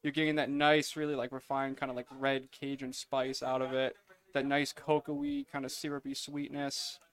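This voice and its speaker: A man's voice: medium pitch, flat delivery, normal speed, a bit bright. A man reviewing cigars on a podcast, talking casually and enthusiastically with many fillers. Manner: filler-heavy, enthusiastic tasting notes. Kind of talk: casual chat.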